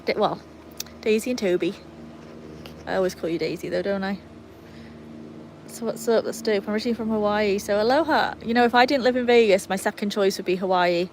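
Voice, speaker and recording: An English woman chats easily on a livestream, reading out viewer comments and answering them one after another. Her voice sits at an ordinary middle pitch. Faint outdoor ambience stays under her. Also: a little fast, long pauses, a little hiss or hum, rough recording. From England. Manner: chatty, reads out viewer comments and greets them by name; baby-talks and calls to the dogs. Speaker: livestream host with dogs. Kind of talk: casual livestream chat. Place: outdoors by a pool in sunshine.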